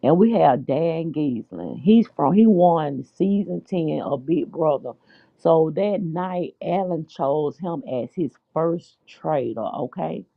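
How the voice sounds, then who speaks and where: Gravelly, dishy gossip host on a tinny line. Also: mid-range voice, lively intonation, takes it slowly, no room sound. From United States. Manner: chatty and dishy, calls listeners child and honey. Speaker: podcast host. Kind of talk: casual gossip chat. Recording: dry, tinny phone-like line.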